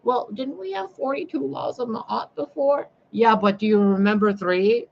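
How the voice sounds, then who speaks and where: A woman's voice: on the high side, moderate pace, creaky, muffled recording. A woman livestreaming a blunt, sarcastic monologue, scolding her viewers and swearing freely. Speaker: spiritual livestreamer.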